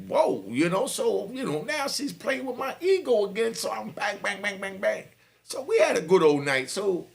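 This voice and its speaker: Gravelly New man telling street stories. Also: high-pitched, fairly bright tone. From New York. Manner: laid-back, full of "you know", chuckles. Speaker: podcast host. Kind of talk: street storytelling monologue.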